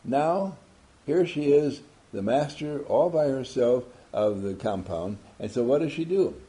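A man's voice: medium pitch, animated, a little slow, dark tone. A man giving an emphatic motivational talk to a group, asking many rhetorical questions. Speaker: motivational speaker.

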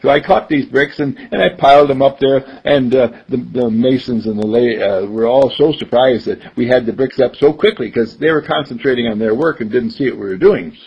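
A husky, gravelly older man talks a little fast with hardly any pauses, his voice mid-range. He gives a conversational talk full of stories, voicing the characters himself and chuckling often, captured in dull lo-fi sound.

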